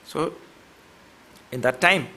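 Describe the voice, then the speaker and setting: A man's voice: a little high, slow pace, bright, forceful tone, a little hiss or hum. A man giving a devotional scripture lecture, chanting verses and explaining them with a playful, teasing manner toward his class.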